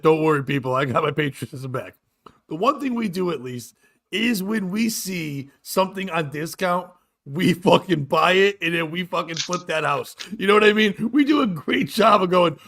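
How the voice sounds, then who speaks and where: A man with a rather high voice hosts a comedy podcast. He rambles through crude jokes in loose, casual chat. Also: a bit bright. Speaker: podcast host.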